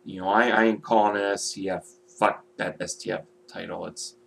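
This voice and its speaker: A man's voice: lowish voice, fairly even intonation, normal speed, gravelly, slight background noise. A man vlogging casually, rambling and swearing, with many "you know" fillers. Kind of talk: casual video vlog.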